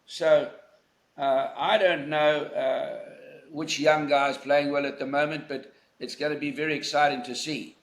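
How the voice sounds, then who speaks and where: A man's voice: fairly high pitch, steady tone, a little slow, echoey room. An older man from South Africa, a golf legend being interviewed, telling anecdotes in a reflective, emphatic way. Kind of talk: conversational interview.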